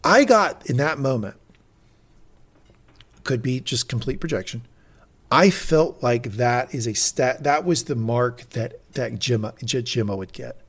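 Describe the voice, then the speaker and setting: A man co-hosting a podcast, recapping an episode in casual, animated chat and swearing freely. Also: mid-range voice, a little slow, breathy edge. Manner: animated, reads out quotes with swearing and laughs. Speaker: podcast co-host.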